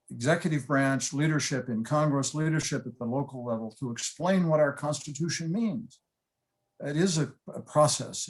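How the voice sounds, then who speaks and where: A man speaking as a panelist in an online discussion, earnest and emphatic. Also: medium pitch.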